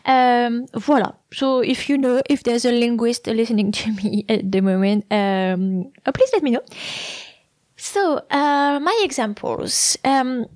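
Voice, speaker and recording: A woman explaining grammar on her podcast, talking thoughtfully with many pauses and restarts. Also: fairly high pitch, a little mellow, no room sound, studio quality. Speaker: French language podcast host.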